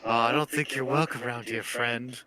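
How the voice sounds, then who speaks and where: A man's voice: medium pitch, fairly even intonation, moderate pace, a crowd in the background, natural voice. A man voicing a burly, suspicious male bartender in a tabletop game, speaking in a menacing drawl.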